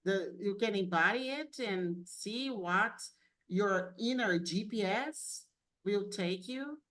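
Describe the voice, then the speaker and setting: A woman with a Brazilian accent hosting a podcast interview over a video call, with slow, affirming talk. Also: medium pitch, fairly bright tone. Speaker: podcast host. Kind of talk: casual interview chat.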